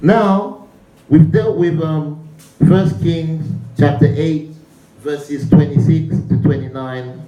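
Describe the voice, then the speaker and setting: A man preaching a sermon, pausing to have the congregation repeat his words back to him. His voice sits fairly high yet sounds mellow. The room gives it a noticeable echo. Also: steady tone. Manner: call-and-response preaching, repeats phrases. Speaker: pastor.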